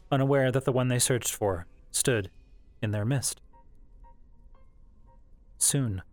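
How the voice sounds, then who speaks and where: Measured male audiobook narrator. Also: medium pitch, dry recording. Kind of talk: fan novel audiobook narration. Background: faint background music.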